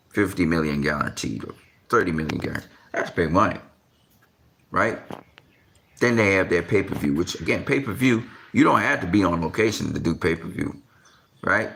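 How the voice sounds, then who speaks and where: A man's voice: animated, normal speed, gravelly. A man giving casual boxing commentary, repeating himself and piling on slang as he rants in disbelief. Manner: repetitive, exasperated rants with slang; gets louder and higher when worked up. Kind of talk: animated boxing talk.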